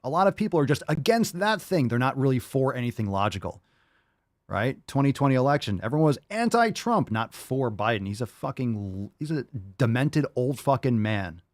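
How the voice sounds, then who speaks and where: A man's voice: medium pitch, sing-song, a little fast, no room sound, clean studio sound. A man hosting a podcast, reacting to clips with mocking, profane commentary and sneering mimicry. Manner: mocking, swears constantly, mimics in sneering voices. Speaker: podcast host reacting to videos.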